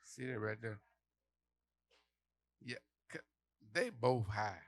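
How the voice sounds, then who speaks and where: A man performing a stand-up comedy set for a live audience, telling stories loudly and playing out the quotes. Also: mid-range voice, takes it slowly. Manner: loud, animated storytelling with acted quotes.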